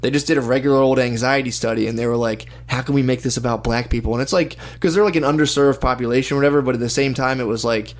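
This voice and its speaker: A young man chatting casually, rambling through an animated story and mimicking other people's voices. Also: medium pitch, fast talker, few pauses. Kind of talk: casual chat.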